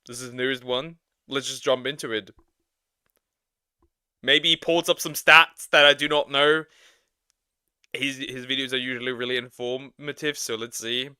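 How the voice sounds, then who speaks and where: Bright, laughing male streamer. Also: mid-range voice, normal speed, long pauses, clear, resonant tone, no room sound, clean studio sound. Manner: laughs often, animated. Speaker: streamer reacting to videos. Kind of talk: casual reaction commentary.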